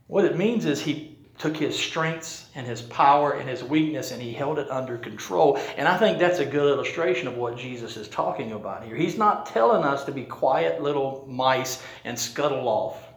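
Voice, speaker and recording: A man preaching a sermon as pastor, telling a story in a conversational way. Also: on the high side. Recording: roomy echo.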